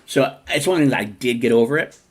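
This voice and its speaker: A man hosting a casual podcast chat, talking in an animated, rambling way with many restarts. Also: mid-range voice, fast. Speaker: podcast host.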